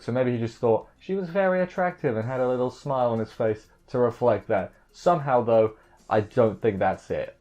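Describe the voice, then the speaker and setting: A man's voice: medium pitch, darkish tone. A man giving a casual, rambling recap of an anime episode, full of fillers and self-corrections. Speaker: anime reviewer. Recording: dull lo-fi audio with faint music.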